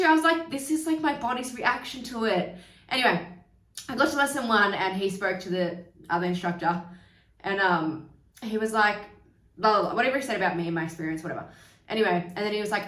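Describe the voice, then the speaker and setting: A woman's voice: medium pitch, fairly quick, a bit bright, far from the mic. A young woman hosting a podcast, candidly telling a personal story in a chatty way, swearing freely and acting out the people she quotes. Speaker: podcast host. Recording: roomy, from away from the mic.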